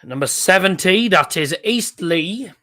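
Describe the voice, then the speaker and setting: A man's voice: high voice, lively intonation, a little slow, bright, forceful tone. A man hosting a live stream, calling out cup draw fixtures and chatting with viewers in the live chat. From England.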